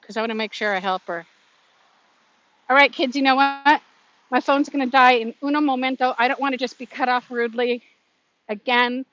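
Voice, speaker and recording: A woman's voice: sits high, a bit bright, muffled recording. A woman in her fifties chatting casually on a live stream from her phone while she walks outdoors, reading out viewer comments and laughing often. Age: 50s. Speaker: vlogger. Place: outdoors, walking to her car.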